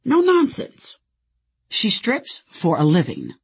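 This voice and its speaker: A woman doing a blunt, raspy casting director. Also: mid-range voice, wildly swooping pitch, slow pace, exaggerated voice. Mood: firm. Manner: firm, matter-of-fact.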